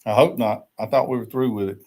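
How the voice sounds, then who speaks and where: A man's voice: medium pitch, quick pace, mellow. An older man, chatting and joking easily as host of a casual live stream from a rural camp.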